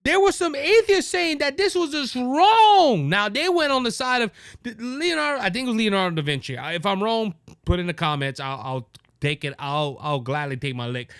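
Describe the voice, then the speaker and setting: A man's voice: high voice, moderate pace, a bit bright, clear, resonant tone, no echo, studio quality. A man with a Cajun accent hosting an opinion show, talking emphatically in a monologue and often repeating and restarting his phrases. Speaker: podcast host.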